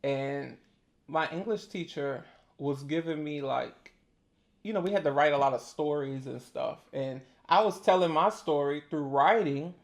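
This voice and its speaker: A man's voice: fairly high pitch, measured pace. A man with a New Orleans accent, chatting casually and laughing easily while eating. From New Orleans, Louisiana. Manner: relaxed, talkative, laughs often. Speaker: host.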